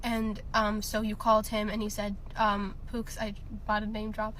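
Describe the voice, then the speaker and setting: A young woman telling a casual storytime, animated and swearing, acting out what people said. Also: mid-range voice, normal speed, slight background noise. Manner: animated, mimics people, swears, many fillers.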